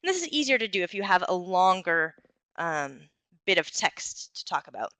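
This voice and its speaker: Bright-voiced woman giving a lesson. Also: lowish voice, big pitch swings, normal speed, no room sound. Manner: clear, encouraging, with occasional fillers. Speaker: presenter giving a talk on communication skills. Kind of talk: instructional talk.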